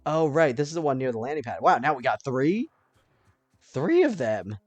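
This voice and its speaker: A man giving casual let's-play commentary, thinking aloud and now and then breaking into panicked yelling. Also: mid-range voice, big pitch swings, normal speed, no room sound, soft background music.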